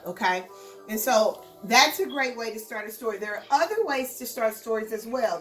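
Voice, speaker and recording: A woman's voice: mid-range voice, lively intonation, fairly quick, a bit bright, roomy sound, far from the mic, soft background music, rough recording. A woman teaching a recorded lesson to young children in a sing-song, encouraging way, stressing words for emphasis.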